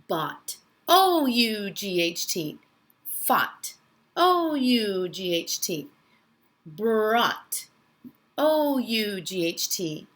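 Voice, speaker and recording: A woman teaching young children phonics from home, in a sing-song, exaggerated teacher voice, spelling out letters slowly. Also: fairly high pitch, a bit bright. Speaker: kindergarten teacher. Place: her home.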